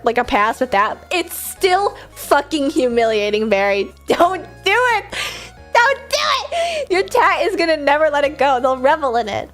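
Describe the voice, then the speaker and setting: A high-voiced young American woman runs her livestream in loose, bubbly chatter. She laughs often and swears freely while answering chat, with soft music in the background. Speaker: livestream host. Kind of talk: casual stream chat, reading chat aloud.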